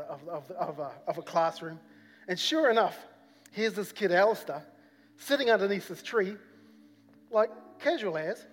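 A man from New Zealand with a New Zealand accent, preaching a sermon as a rambling personal story full of fillers and repeats. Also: high-pitched. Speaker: pastor. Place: church hall. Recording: long church hall reverb with faint music.

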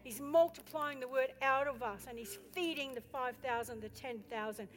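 A woman pastor preaching a sermon with passion, building to loud exhortation and turning to the congregation with chatty questions and asides. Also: sits high, moderate pace. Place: church. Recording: echoey hall with faint music.

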